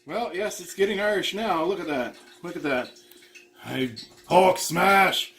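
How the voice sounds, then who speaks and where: A man's voice: high-pitched, expressive, brisk, fairly bright tone. Man doing goofy kitchen play-by-play. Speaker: cooking show co-host. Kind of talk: jokey cooking demonstration. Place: home kitchen. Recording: clatter of dishes in a kitchen.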